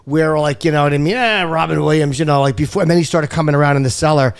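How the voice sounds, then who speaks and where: A man's voice: a little high, level tone, rapid-fire, clear, resonant tone. A middle-aged man, a veteran comedian guest on a podcast, telling rambling anecdotes with swearing. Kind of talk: casual chat.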